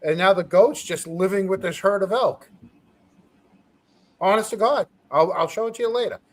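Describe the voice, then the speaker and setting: Chatty man host, slightly high voice. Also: moderate pace. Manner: chatty, stumbling, laughs easily. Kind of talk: casual chat.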